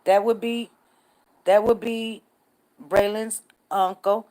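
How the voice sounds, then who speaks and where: An older woman hosts a casual livestream, chatting with viewers and answering their comments by name as a livestream news host. Her medium-pitched voice is a little slow and a little mellow, and the recording is rough.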